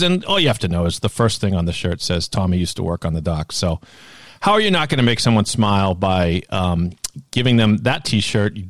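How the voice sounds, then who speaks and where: A man's voice: fairly low pitch, dry recording. Chatty laughing man in his fifties. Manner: laughs often, chatty and rambling. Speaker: podcast co-host. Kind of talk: casual chat.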